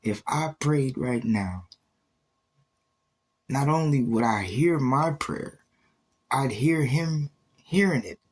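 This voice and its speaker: A man's voice: mid-range voice, expressive, takes it slowly, long pauses, slightly rough. A man on a livestream giving an intense, emotional faith testimony, repeating himself and acting out quoted exchanges.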